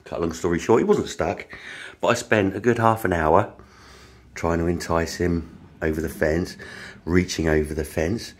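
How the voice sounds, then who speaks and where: A man, casually telling a story to camera, speaking softly and getting animated when he retells the shouting. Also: sits low, moderate pace. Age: 50s. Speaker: vlogger.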